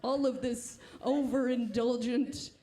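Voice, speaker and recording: A woman's voice: a little high, fairly even intonation, slow pace, dark tone. A woman comedian giving a mock-serious debate speech in a comedy club, faking earnest outrage.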